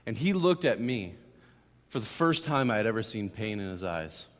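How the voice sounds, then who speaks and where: An earnest young man gives a personal testimony sermon as a guest speaker in a church sanctuary, his fairly low voice very animated at a moderate pace. His storytelling swings from hushed to emphatic, and the recording has long hall reverb.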